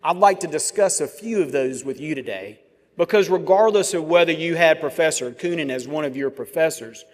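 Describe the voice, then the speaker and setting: A man, giving a commencement address with measured oratory, dramatic pauses and vivid storytelling. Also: on the high side. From Georgia, US. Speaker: commencement speaker. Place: large ceremony venue. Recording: long reverb of a large venue.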